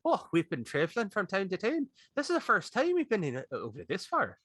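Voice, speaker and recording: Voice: medium pitch, wildly swooping pitch, brisk, breathy edge, no echo, clean studio sound, full character voice. A player voicing a chatty travelling trader. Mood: friendly. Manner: warm, chatty in character. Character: cheerful travelling trader and teacher.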